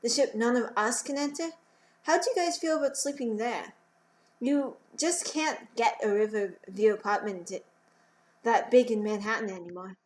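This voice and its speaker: A woman voicing a male police sergeant who gives orders in a brisk, matter-of-fact way. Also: fairly high pitch, natural voice.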